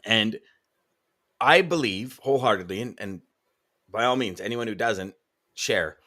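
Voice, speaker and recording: A man's voice: lowish voice, unhurried. A man co-hosting a live sales chat show, telling stories emphatically and repeating words for stress. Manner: animated storyteller, emphatic repetitions. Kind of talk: casual live-stream chat.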